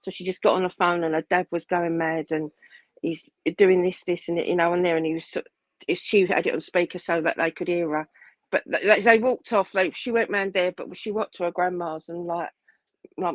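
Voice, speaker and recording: Rambling woman, lowish voice. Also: no echo, poor audio. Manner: rambling, restarts often, acts out quoted dialogue. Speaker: guest telling a personal story. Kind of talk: casual chat.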